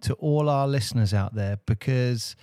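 A man's voice: mid-range voice, normal speed, dark tone, no room sound, studio quality. A man with a British accent co-hosting a podcast in casual chat, rambling with fillers and restarts. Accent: British English. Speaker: podcast co-host.

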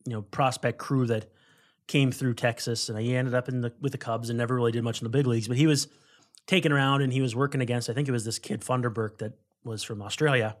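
A man's voice: medium pitch, steady tone, fast talker. Rambling man on a sports podcast. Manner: rambling, digressive, self-correcting. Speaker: baseball podcast co-host. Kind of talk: casual sports chat.

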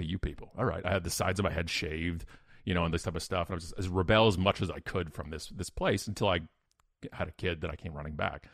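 A man, a podcast guest, telling a story in an emphatic, energetic way with sudden loud bursts. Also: low voice, dry recording, clean studio sound. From Canada. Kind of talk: animated storytelling in an interview.

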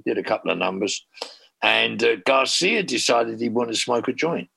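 Gravelly, husky-voiced man telling a story. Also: medium pitch, moderate pace. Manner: profane, animated storyteller. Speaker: former band manager telling a tour story. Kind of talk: casual anecdote.

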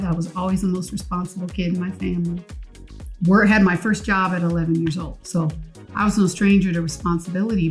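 Woman in her 50s: lower voice, playful ribbing, jumps in fast, light music under her. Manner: teasing, quick to cut in with jokes. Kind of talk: casual storytelling chat.

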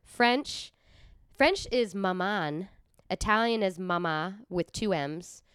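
A woman's voice: medium pitch, animated, slow, a bit bright, smooth, dry recording. A woman co-hosting a podcast in casual chat, dry and sarcastic, often laughing. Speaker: podcast co-host. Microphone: studio microphone.

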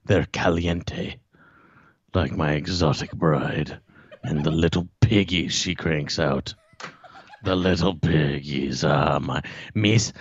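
A man's voice: no room sound, exaggerated voice. A man doing a mock-tender impression of a pompous older male celebrity, crooning and slurring in broken Spanish. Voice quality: gravelly, low and husky. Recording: dull lo-fi sound.

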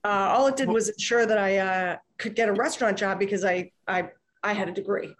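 A woman's voice: mid-range voice, fairly quick. A middle-aged woman, a podcast guest, chatting casually and rambling with many restarts and fillers. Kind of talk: casual chat.

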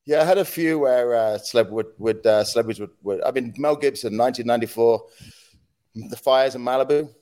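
A man in the guest seat, spinning animated anecdotes at an ordinary pitch. He acts out the voices and noises in his stories and laughs easily, keeping the talk casual and quick. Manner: animated anecdotes, acts out quotes and sound effects, laughs often. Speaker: podcast guest, former news agency head. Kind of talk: casual storytelling interview.

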